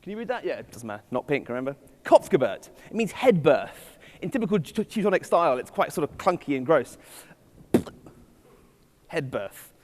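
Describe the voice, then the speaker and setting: A man's voice: fairly high pitch, sing-song, fairly quick, long pauses, slight background noise. A man giving a witty, digressive keynote talk at a conference. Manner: witty, digressive, self-deprecating. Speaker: conference speaker. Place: conference hall. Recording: hall reverb from stage.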